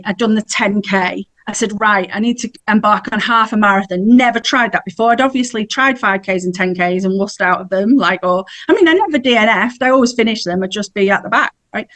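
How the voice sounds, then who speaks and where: A woman's voice: mid-range voice, a bit bright. Chatty woman storyteller. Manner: chatty, laughs while telling stories. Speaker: podcast guest. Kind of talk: casual storytelling.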